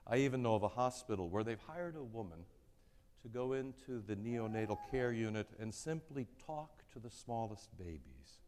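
A man preaching a sermon in a church, speaking gently and with measure, letting the ends of his phrases fall soft. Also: mid-range voice, lively intonation, moderate pace, in a large hall, slight background noise. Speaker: pastor.

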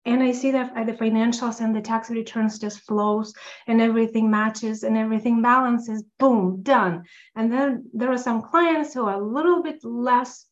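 A woman guest on a podcast, chatting enthusiastically and telling animated stories. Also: on the high side, moderate pace, dull audio. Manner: enthusiastic, upbeat, animated storytelling. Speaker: podcast guest, tax accountant. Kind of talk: casual interview talk.

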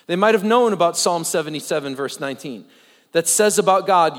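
A man preaching a conversational sermon, animated, with joking asides and rhetorical questions. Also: a little high, brisk. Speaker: pastor. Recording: long reverb of a large hall.

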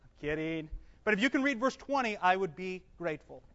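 A Bible teacher giving a class to a live group, reading scripture aloud slowly, explaining it, and quizzing the room with questions he then answers himself. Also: mid-range voice, expressive, fairly bright tone. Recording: dull, echoey hall recording.

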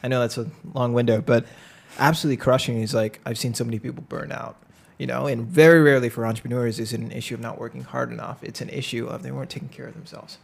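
Male podcast host, casual, rapid delivery, gravelly voice. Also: mid-range voice, steady tone. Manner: laid-back, says "like" a lot.

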